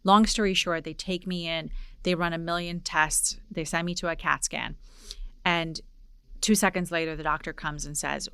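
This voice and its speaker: Bright, smooth-voiced woman telling a story. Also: lowish voice, normal speed, dry recording. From Poland. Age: 40s. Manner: animated storyteller, acts out dialogue. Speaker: podcast host. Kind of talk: casual interview storytelling.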